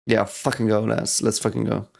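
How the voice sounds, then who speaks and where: Gravelly-voiced man reacting excitedly. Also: on the low side, normal speed. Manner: excitable, swears often, thinks aloud. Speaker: reaction video host. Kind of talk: casual reaction commentary.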